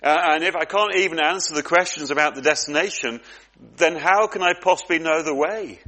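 A man's voice: a little high, fairly quick, sharp tone. A man preaching a sermon, earnest and reflective, often repeating words as he goes.

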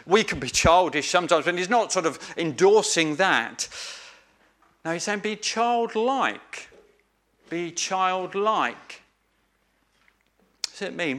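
A man's voice: a little high, bright, forceful tone. A man preaching an earnest sermon, stressing key phrases by repeating them. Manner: earnest, emphatic, with repeated phrases and small restarts.

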